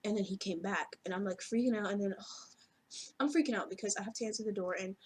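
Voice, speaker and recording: A woman with a husky, slightly breathy voice recounts a story in a loose, conversational ramble. Her pitch sits in an ordinary middle range, and she sprinkles her talk with fillers and casual curses. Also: fairly even intonation, fast. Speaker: vlogger telling a story.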